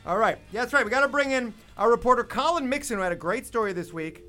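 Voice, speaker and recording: A man's voice: very high voice, lively intonation, quick pace, music in the background. A man hosting a talk show, wisecracking and rambling through jokes and restarts. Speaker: radio show host. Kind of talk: jokey talk-show banter.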